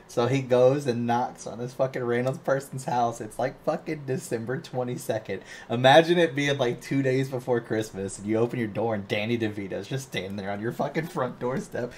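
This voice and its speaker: A man's voice: medium pitch, fairly quick, hardly any pauses, darkish tone, a little hiss or hum. A man hosting a podcast, telling a long rambling story in casual chat and swearing constantly. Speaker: podcast host.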